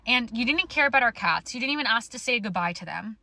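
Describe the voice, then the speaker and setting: A woman's voice: on the high side, lively intonation, quick pace, pushed and bright, no echo. A young woman telling a storytime to her phone camera in an angry rant, swearing bluntly. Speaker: social media storyteller.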